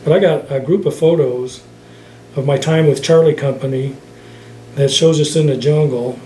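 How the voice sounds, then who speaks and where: A man's voice: on the high side, moderate pace, warm tone, a little hiss or hum. An older man, a veteran interviewee, rambling through stories in an oral history interview and laughing often. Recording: echoey room with faint ambience.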